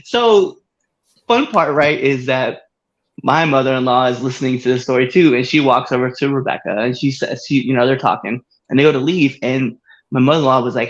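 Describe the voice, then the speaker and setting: A man co-hosting a podcast, telling a story in casual chat with frequent laughter and excited jumps in voice. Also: a little fast, highs cut off. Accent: Massachusetts. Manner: animated storyteller, laughs often, swings high when excited. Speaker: podcast co-host.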